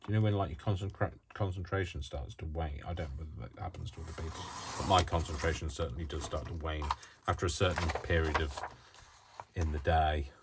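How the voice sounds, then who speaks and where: A man with a low voice chats his way through a crafting tutorial. He wanders off into self-mocking asides. His faulty microphone buries the voice in loud noise. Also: steady tone, quick pace. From United Kingdom. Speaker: crafting channel host.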